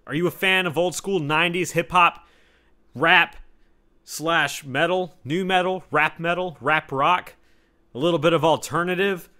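A young man talks into his home podcast mic in a loose, rambling rant. His voice is bright and forward, and he swears freely. He shifts between low muttered asides and sudden loud outbursts. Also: fairly even intonation, moderate pace. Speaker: podcast host. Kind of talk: solo casual podcast rant. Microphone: home podcast mic setup.

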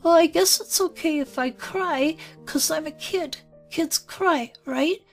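A woman's voice: high-pitched, takes it slowly, faint music behind. A woman speaking as her inner child, an earnest, anxious five-year-old girl who rambles and apologizes. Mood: worried. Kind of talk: spoken channeling session.

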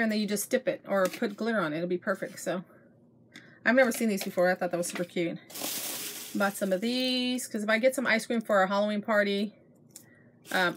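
A middle-aged woman with a drawl chats through her shopping haul from home, gushing over each find and calling out to her viewers. She talks at a middle pitch into a simple camera mic. A faint hiss sits behind her voice. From Texas. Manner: chatty, gushing, addresses viewers as you guys. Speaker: haul vlogger. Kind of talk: casual show-and-tell chat.

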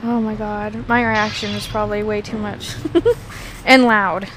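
A young woman gaming on camera, swearing and pleading loudly at the enemies she fights. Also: mid-range voice, level tone, a little slow, background noise. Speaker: let's play gamer. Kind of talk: panicked gameplay commentary. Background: game music.

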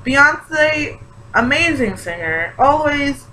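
A young woman chatting excitedly in a casual reaction vlog, gushing and full of fillers. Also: high voice, takes it slowly, low-quality recording. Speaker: vlogger. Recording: faint background hiss.

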